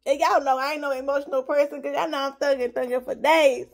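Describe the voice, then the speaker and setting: A woman with a high voice chats to camera as a vlogger. She gushes with emotion and rambles through many fillers, talking straight to her viewers. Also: fairly even intonation, fast talker, creaky. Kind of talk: casual chat to camera.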